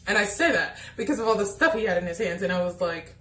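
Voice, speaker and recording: A woman's voice: mid-range voice, expressive, fast talker, a bit bright, roomy sound, low-quality recording. A woman chattily reviewing a TV episode, exasperated, acting out lines from scenes. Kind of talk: casual TV episode review vlog.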